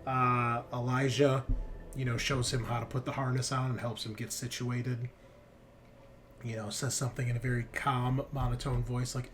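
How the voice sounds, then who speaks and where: A man's voice: medium pitch, little pitch movement, normal speed, fairly bright tone. Easygoing man narrating as game master, with music. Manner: casual, easygoing narration with frequent fillers.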